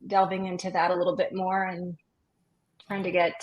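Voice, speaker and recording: In this casual interview chat, a middle-aged woman, both an opera singer and a music teacher, animatedly recounts stories and imitates the voices of children. Her voice is on the low side and moves at a normal speed. The high frequencies are cut off.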